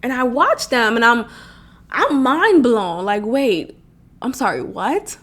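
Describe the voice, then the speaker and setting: A woman's voice: fairly high pitch, lively intonation, slow pace, fairly bright tone. A young woman hosting a podcast alone, telling a personal story in casual chat, acting out quotes and swearing freely. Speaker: podcast host. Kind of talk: casual solo podcast talk.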